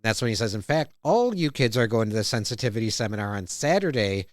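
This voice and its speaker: A man's voice: lowish voice, very animated, fast, no room sound. A man hosting a podcast, casually recapping a cartoon episode and acting out the lines. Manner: retells scenes, acting out quoted lines. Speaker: podcast host. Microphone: studio mic.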